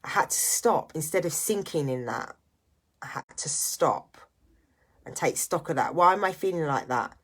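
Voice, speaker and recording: Low-voiced earnest woman vlogging. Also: animated, normal speed, fairly bright tone, breathy edge. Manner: earnest, reflective, motivational. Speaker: vlogger and single parent. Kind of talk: candid personal vlog monologue.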